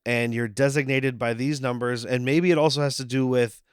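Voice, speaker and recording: A man of middle pitch chatting casually on a podcast. He jokes easily and drops into short mock-quotes. The sound is close and dry with no room around it. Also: fairly even intonation, normal speed, clear, resonant tone, no echo. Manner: laid-back, joking, mock-quotes characters. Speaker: podcast co-host. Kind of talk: casual chat.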